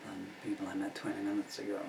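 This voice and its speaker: A man's voice: on the low side, completely flat delivery, fast talker, gravelly, noisy background. A man in his sixties who grew up in England, a singer-songwriter chatting between songs in a rambling, self-mocking way full of asides. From England, of Irish family. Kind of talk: casual chat between songs. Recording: roomy room, distant mic, guitar.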